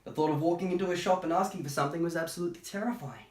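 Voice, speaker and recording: A man reading a children's picture book aloud, breaking off for chatty, gentle asides. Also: a little high, very fast. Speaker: storytime reader. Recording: roomy echo.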